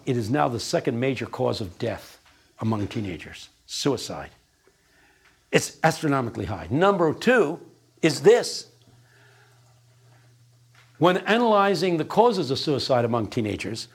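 Gravelly, husky older preacher. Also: male voice, medium pitch. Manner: emphatic, folksy storyteller with wry asides. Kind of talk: sermon.

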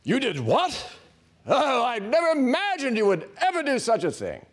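A man's voice: very high voice, wildly swooping pitch, normal speed, voice pushed up, exaggerated voice. A man playing a shocked, prim male deity who scolds in a gasping, scandalized way.

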